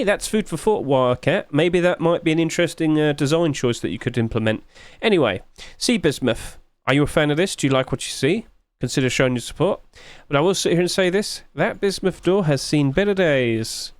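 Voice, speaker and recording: A sleepy man chatting his way through game skin reviews, rambling along with sudden high-pitched exclamations. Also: no echo. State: sleepy, yawning. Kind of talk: casual screen commentary.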